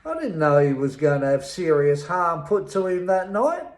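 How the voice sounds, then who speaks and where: A middle-aged Australian man recounting his own past in a slow, emphatic, bitter way, pausing often. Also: sits high, very animated, roomy sound, poor audio. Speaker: interviewee telling his life story. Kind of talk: personal testimony.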